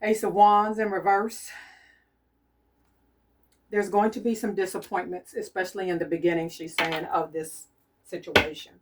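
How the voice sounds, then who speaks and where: A woman giving a channeled tarot reading as a medium, speaking softly and repeating her urgings insistently to her audience. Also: on the low side, fairly even intonation, normal speed, pauses often, distant mic, slight background noise.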